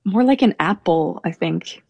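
A woman's voice: on the low side, expressive, measured pace, vocal fry, a little mellow, husky, no echo. A young woman telling a personal story in casual chat, hesitant, with many fillers and restarts. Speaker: storyteller guest. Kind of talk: casual anecdote.

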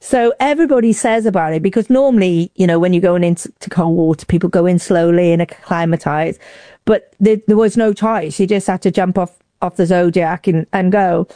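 A woman from Wales recounts a story in casual conversation, jumping high in pitch whenever she acts out what people said. Her voice is mellow and warm, recorded close and dry with no room sound. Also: fairly quick, no echo. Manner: lively, acts out quotes with big pitch jumps. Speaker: interview guest.

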